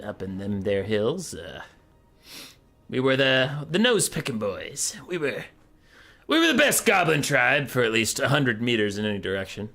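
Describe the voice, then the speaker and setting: A man's voice: fairly low pitch, gravelly, bright, forceful tone, heavily acted. A man voicing a sly, chatty little goblin who rambles in a folksy way.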